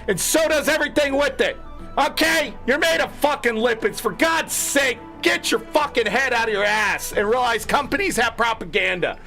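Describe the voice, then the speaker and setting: A man ranting angrily to viewers, swearing freely and mocking the people he disagrees with. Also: sharp tone. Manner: angry, profane ranting; mocking quoted voices in lower tones. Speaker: gaming streamer. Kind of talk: ranting commentary.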